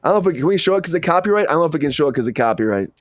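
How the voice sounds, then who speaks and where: Male host, actor, animated storyteller; slightly high voice, dry close recording. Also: racing, no room sound. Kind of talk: casual chat.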